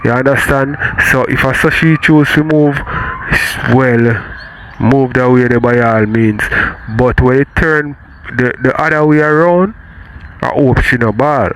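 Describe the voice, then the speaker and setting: A Jamaican man with a mid-pitched voice talks through advice in an easy, casual way, often checking that he is understood. A faint wash of background noise sits behind him. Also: a little slow, fairly bright tone, poor audio. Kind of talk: casual advice-giving chat.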